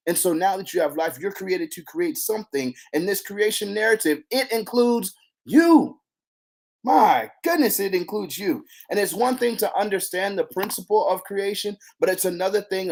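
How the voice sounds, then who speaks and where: An excitable devotional leader teaching a faith challenge to camera, breaking into bursts of praise and repeating lines for emphasis. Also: mid-range voice, breathy edge. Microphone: handheld camera.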